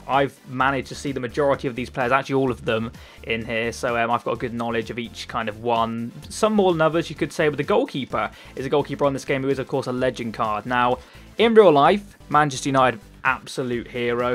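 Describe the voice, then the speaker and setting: A young man in his twenties with a Cornish accent talks quickly through a casual gameplay commentary. He rambles in a chatty way, restarting words and filling gaps with ums, over faint background music. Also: medium pitch, a bit bright. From Cornwall, England. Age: 20s. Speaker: gaming YouTuber.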